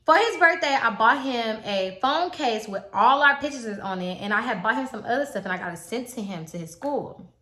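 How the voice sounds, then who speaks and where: A young woman in her twenties, a vlogger, chats casually through a personal story and acts out what other people said in put-on voices. Her voice is slightly high, animated, bright and forceful, at a normal speed. The room is echoey.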